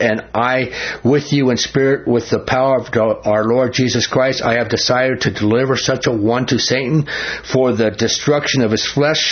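A man teaching a Bible study, reading scripture slowly and then talking about it in a heated, emphatic way. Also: mid-range voice, highs cut off.

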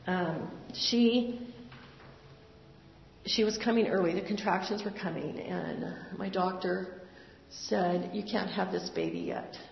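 An older woman tells her personal faith story in an earnest, conversational way, pausing often. Her voice has a gravelly edge. The recording is dull and lo-fi, with the long reverb of a large hall. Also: fairly low pitch, a little hiss or hum. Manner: conversational, earnest, with pauses and fillers. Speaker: speaker sharing testimony. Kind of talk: personal testimony. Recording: roomy hall, dull lo-fi sound.

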